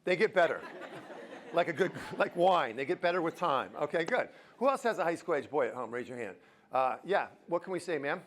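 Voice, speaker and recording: A man's voice: fairly high pitch, animated, brisk, fairly bright tone. A middle-aged man giving a motivational talk to a live audience in a university auditorium, joking and coaxing the crowd. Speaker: motivational speaker.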